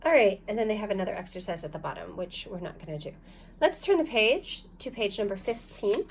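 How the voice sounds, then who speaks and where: A woman's voice: mid-range voice, animated, fairly quick, vocal fry, a little hiss or hum. A woman teaching a recorded phonics lesson, guiding learners patiently step by step and sounding out syllables. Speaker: language teacher.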